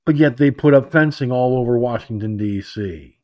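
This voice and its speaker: A man's voice: mid-range voice, moderate pace, dull audio. A man hosting an internet radio show, delivering a sarcastic, rambling political monologue and repeating himself.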